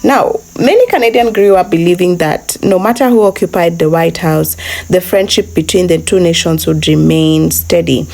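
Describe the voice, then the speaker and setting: A woman's voice: on the low side, moderate pace, vocal fry, darkish tone. A woman hosting a commentary channel, narrating from a script with frequent "uh"s and restarts, calling her viewers "family". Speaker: channel host.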